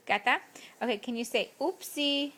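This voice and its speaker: A woman's voice: high-pitched, lively intonation, normal speed, pushed and bright. A mother at home talking to her toddler in a coaxing, sing-song voice. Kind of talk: casual talk to a toddler. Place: at home indoors.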